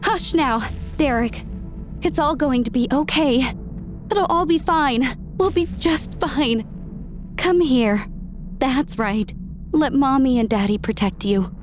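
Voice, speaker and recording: An actress voices a weary alien mother in an animated drama. Her voice is high and unhurried, languid in manner, with music playing behind. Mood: soothing. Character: weary alien mother, adult woman, soothing.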